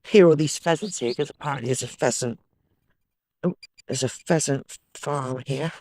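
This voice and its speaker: A metal detecting channel host sweeps a sloping farm field, talking enthusiastically to himself and his viewers in a casual outdoor vlog. His mid-range voice has a darkish tone, with a moderate pace, long pauses, and no echo.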